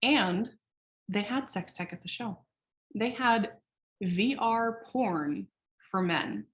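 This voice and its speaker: A woman founder, a podcast guest, telling her story in a candid, animated way that is loose with swearing. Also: medium pitch, takes it slowly. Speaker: founder of a sexual wellness company, podcast guest. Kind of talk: casual interview storytelling.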